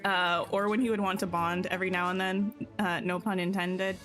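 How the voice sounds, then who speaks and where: A woman's voice: lowish voice, flat delivery, normal speed, fairly bright tone, soft background music. A woman streamer chatting casually while gaming, rambling and giggling at herself. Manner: rambling, giggly, self-deprecating.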